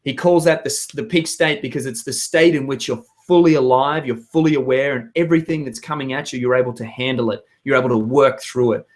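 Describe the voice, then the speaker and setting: A hoarse young man giving an energetic motivational talk to his viewers, with emphatic outbursts. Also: mid-range voice, fairly quick, hardly any pauses. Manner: energetic, emphatic, bursts into loud shouts. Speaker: vlogger.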